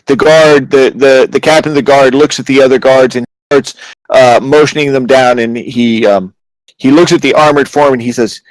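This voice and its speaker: A man narrating a tabletop game as game master, halting and dramatic with many restarts. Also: medium pitch, steady tone, no room sound, low-quality recording.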